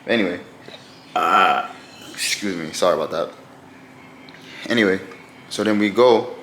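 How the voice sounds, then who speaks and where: Low-voiced New man telling a story. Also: normal speed, a bit bright, slight background noise. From New York. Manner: loose, rambling, slangy retelling. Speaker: vlogger. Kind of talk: casual storytime vlog.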